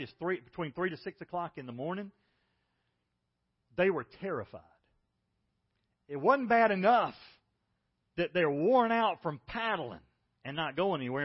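Male pastor, fairly high voice, storytelling sermon with big volume swings; slightly dull recording. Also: animated, normal speed, pauses often. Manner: storytelling, swings between loud and hushed.

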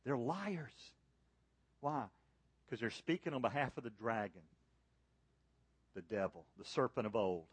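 A man preaching a sermon to a church congregation, rising to loud, high emphasis on key points and falling soft and low in prayer. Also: animated, normal speed, long pauses, husky, no echo. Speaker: pastor. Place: church service.

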